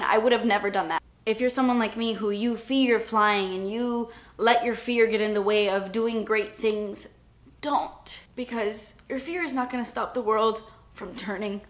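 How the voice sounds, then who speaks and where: Speaking straight to camera, this young beauty vlogger opens up in a relaxed confessional, her slightly high voice fairly bright in tone. Emotion runs through her frank words, and now and then she seems on the verge of crying.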